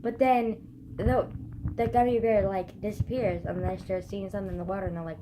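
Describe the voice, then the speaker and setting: Hoarse, croaky young woman vlogging. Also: a little high, a little slow. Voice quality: scratchy rasp. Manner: rambling, swears often, heavy use of "like". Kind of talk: casual chat to camera.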